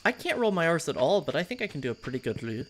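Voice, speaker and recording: A woman's voice: deep voice, sing-song, very fast, slight background noise. A woman streamer with a working-class American city accent, chatting casually and rambling with lots of fillers while playing a game. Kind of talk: casual chat while gaming.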